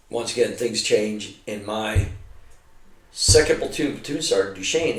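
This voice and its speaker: Older ex-soldier, rambling and profane storyteller, mid pitch, roomy off-mic sound. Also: male voice, far from the mic. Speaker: retired soldier telling war stories. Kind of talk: casual storytelling.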